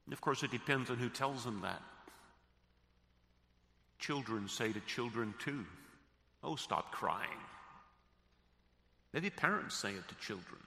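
A man preaching a sermon as pastor, slow and deliberate, dropping soft and then rising to emphasis. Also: mid-range voice, lively intonation. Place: church sanctuary. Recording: echoey church hall.

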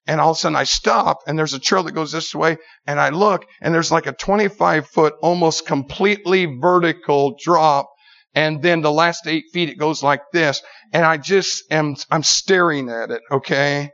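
A middle-aged man preaching in an animated, emphatic storytelling style, often repeating words as he builds a story. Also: fairly high pitch, moderate pace, vocal fry. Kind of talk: storytelling sermon. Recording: dull lo-fi sermon recording.

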